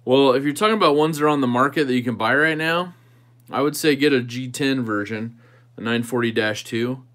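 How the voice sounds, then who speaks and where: A man's voice: mid-range voice, fairly quick, a bit bright. A man hosting a knife channel livestream, chatting casually with viewers and thinking aloud while he tinkers with a knife.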